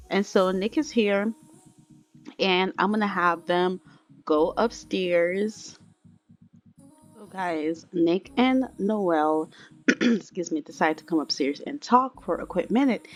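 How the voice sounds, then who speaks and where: A chatty woman narrates her life sim gameplay in a casual, lowish voice. She talks to her viewers loosely and familiarly as the story plays out, and faint music sits behind her. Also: takes it slowly, pauses often. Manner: chatty, addresses viewers as y'all. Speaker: let's play creator.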